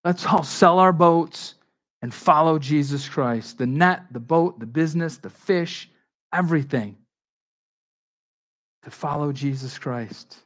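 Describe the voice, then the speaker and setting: A man preaching a sermon in a conversational, animated way, acting out the dialogue of Bible figures. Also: on the high side, slow. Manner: conversational with frequent restarts and asides. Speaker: pastor.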